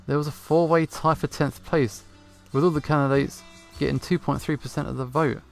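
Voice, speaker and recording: A man's voice: fairly high pitch, steady tone, moderate pace, creaky, faint music behind. A man voicing an earnest male cat senator running for president, in a plain, slightly sheepish game reading. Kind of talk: visual novel voice-over reading.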